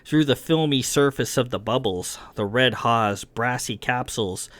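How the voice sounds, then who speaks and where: A man's voice: medium pitch, measured pace, fairly bright tone, no echo. Man narrating a sci-fi audiobook, dry. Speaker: author and reader.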